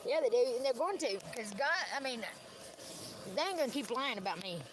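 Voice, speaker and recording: A woman with a high, piercing voice rants on a livestream. She rambles from grievance to grievance, combative and full of swearing, and a faint hum of surroundings sits behind her. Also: lively intonation, fairly quick. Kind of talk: ranting livestream monologue.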